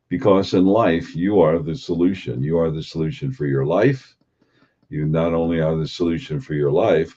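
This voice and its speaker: Deep husky guy doing a calm spiritual talk, keeps repeating questions, kinda muffled lo-fi audio. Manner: unhurried, repeats rhetorical questions. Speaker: spiritual teacher. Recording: dull lo-fi recording.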